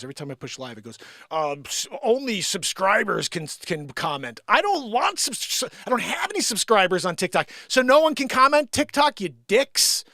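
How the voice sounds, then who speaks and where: A man hosting an improvised comedy live stream, joking and swinging between shouting and whispering. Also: sits high, no room sound, studio quality.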